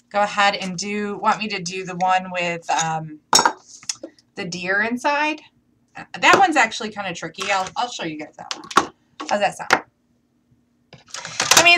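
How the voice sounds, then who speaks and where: A woman's voice: medium pitch, heavy background noise. A woman chatting to viewers as she demonstrates a craft project in a casual live tutorial. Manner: chatty, talks to viewers while working.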